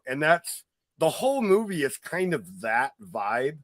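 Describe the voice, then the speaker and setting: A man's voice: medium pitch, very animated, unhurried, no echo. A man hosting a podcast, telling a rambling story in casual chat, full of fillers. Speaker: podcast host.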